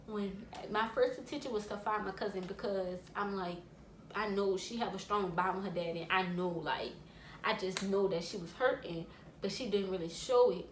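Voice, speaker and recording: A woman vlogger of ordinary pitch recounts a personal story in a casual, rambling way, full of restarts and asides. The recording sits in a small echoey room, with a soft layer of background noise. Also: brisk.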